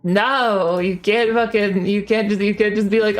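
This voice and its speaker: A woman's voice: medium pitch, fairly even intonation, normal speed, few pauses, soft background music. A young woman in her twenties, a streamer ranting casually, heated and swearing with lots of fillers and restarts. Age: 20s. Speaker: VTuber streamer.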